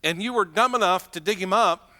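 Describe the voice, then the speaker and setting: High bright-voiced male preacher. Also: brisk, in a large hall. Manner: conversational storytelling with acted-out asides. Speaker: pastor. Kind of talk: sermon.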